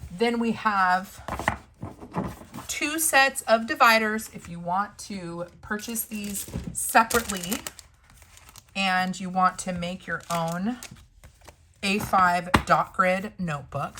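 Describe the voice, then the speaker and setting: A woman's voice: medium pitch, background noise. A woman reviewing planners in a chatty, upbeat vlog, talking to viewers like friends. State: losing her voice. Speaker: planner vlogger. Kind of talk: casual product review.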